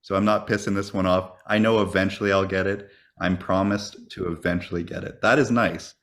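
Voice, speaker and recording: Male co-host, very low voice, animated joking storyteller on a remote call. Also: a little fast. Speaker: podcast co-host. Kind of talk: casual chat.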